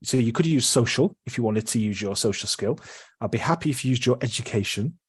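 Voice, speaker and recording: A man running a tabletop game as game master, explaining rules in a relaxed, chatty way. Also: medium pitch, fast talker, husky, no room sound.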